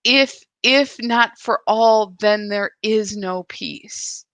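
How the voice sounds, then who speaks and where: A woman's voice: medium pitch, extremely slow, fairly bright tone, clear, resonant tone, dry recording. A woman hosting a daily spiritual practice, speaking earnestly and emphatically, often restarting her sentences as she reflects.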